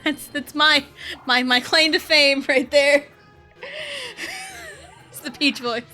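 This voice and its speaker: Over quiet game music, a young woman streams her gameplay in easygoing chat, giggly and self-deprecating. She speaks slowly in a high voice with fairly even intonation.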